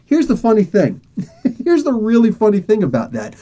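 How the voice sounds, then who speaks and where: A man hosting a podcast who tells a story in a casual, animated way, acting out the dialogue and laughing often. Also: sits high, normal speed. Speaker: podcast host.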